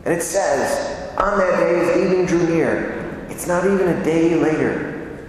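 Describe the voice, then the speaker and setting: A man's voice: fairly high pitch, a little slow, a little hiss or hum. A man giving a conversational sermon, asking rhetorical questions and repeating phrases for emphasis. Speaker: preacher. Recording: echoey hall, voice from far off.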